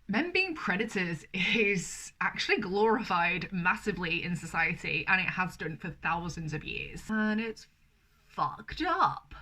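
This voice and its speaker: Young British woman vlogger, bright and forceful, blunt, swears freely. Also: mid-range voice. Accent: British English. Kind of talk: opinion vlog to camera.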